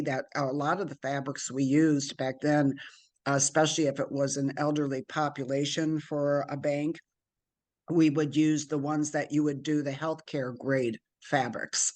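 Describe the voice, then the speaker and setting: A woman's voice: low-pitched, measured pace. A middle-aged woman being interviewed as a guest, telling stories about her career and acting out the voices of people she quotes. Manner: lively storyteller, acts out quoted voices. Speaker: guest, business owner. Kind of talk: conversational storytelling interview.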